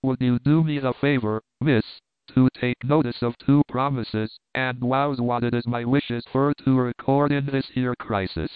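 A man voicing a solemn, trembling working-class servant who talks slowly and preachily in rough dialect. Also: mid-range voice, steady tone, dry recording, lightly acted. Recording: dry, phone-like narrow sound.

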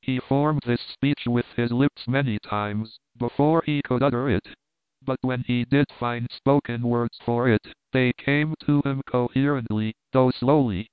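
Guy reading an old novel aloud, steady and measured, dry tinny audio. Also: mid-range voice, smooth, no room sound. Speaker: audiobook narrator. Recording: dry tinny phone-like sound.

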